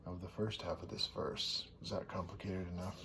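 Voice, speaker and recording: A man casually teaching songwriting, thinking aloud and sometimes clearing his throat. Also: sits low, level tone, moderate pace, pushed and bright. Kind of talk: casual teaching with sung demonstrations. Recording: faint background noise.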